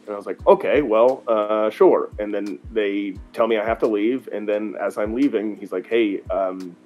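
A man's voice: lowish voice, moderate pace, faint music behind. A young man, a guest on a talk show, telling stories in a rambling, casual way with lots of fillers. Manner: rambling, filler-heavy, animated retelling. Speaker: interview guest, folk singer. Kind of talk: casual storytelling.

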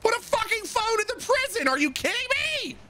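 A man's voice: extremely high pitch, very animated, takes it slowly, sharp tone, voice pushed up, exaggerated voice. A man voicing a brash, foul-mouthed young woman outlaw in a roleplay game stream, shrieking and cursing in a panic. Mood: exasperated.

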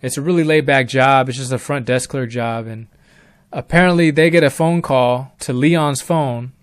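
A man's voice: mid-range voice, moderate pace, clean tone, dry recording. A young man telling a true story in a laid-back, rambling way with casual slang.

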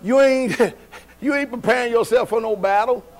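A male preacher with a very high voice speaks at a moderate pace in a church sanctuary. His sermon is down-to-earth and colloquial, built on call-and-response as he keeps asking the congregation questions.

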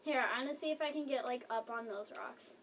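Excitable high-voiced woman gaming. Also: fast talker, distant mic, slight background noise. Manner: excitable, chatty, squeals and exclaims often. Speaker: gamer playing with a friend. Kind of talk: casual let's-play chat.

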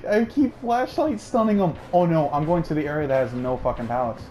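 A man narrates his game while he plays, swearing freely. His voice jumps from low muttering to high, cracking yells. A faint hiss sits under the recording. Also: a little fast, hardly any pauses. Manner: swings between calm mumbling and high squealing yells. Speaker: gamer streaming with a friend. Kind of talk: excited gaming commentary with swearing.

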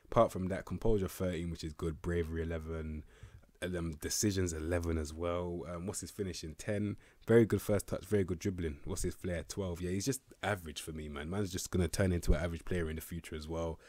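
Young male gaming commentator, very deep voice, casual slangy delivery with the odd swear. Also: fairly even intonation, fairly quick, darkish tone, no echo. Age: young adult. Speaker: gaming youtuber. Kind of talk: casual video game commentary.

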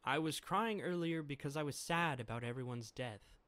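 Perky young female scientist, quick and emotional; a man puts her on. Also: a little high, a bit bright, no echo, natural voice. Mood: eager.

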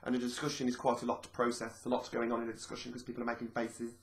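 A man's voice: mid-range voice, monotone, rapid-fire. A man talking casually to camera in a vlog, rambling a little and repeating his phrases as he explains things. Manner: chatty and rambling, repeats phrases, acts out quoted speech. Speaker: vlogger.

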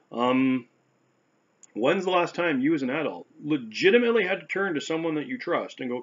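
A man who survived a stroke talks candidly about it, often pausing, restarting and checking in with "right?". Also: medium pitch. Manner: conversational, tags sentences with "right?"; halting, with restarts and pauses. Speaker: stroke survivor sharing his experience. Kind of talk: unscripted talk to camera. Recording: slightly dull lo-fi audio.

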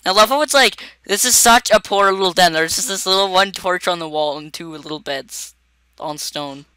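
A man's voice: high-pitched, normal speed, sharp tone, clean tone, dry recording. A man hosting a video game session with casual, playful commentary, giggling often. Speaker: gaming video host.

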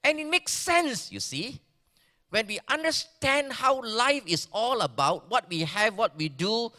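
A pastor with a Malaysian English accent preaching a sermon, swinging between emphatic bursts and hushed near-whispers. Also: male voice, very high voice, sing-song, measured pace. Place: large church hall. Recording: church hall reverb.

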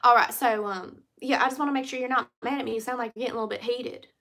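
A woman's voice: a little high, fairly even intonation, rapid-fire, a bit bright. A woman doing a ditzy, rambling, flirty caller. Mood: soothing teasing. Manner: rambling, folksy bad grammar, playful teasing. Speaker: scambaiting prank caller. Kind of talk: prank phone call role-play.

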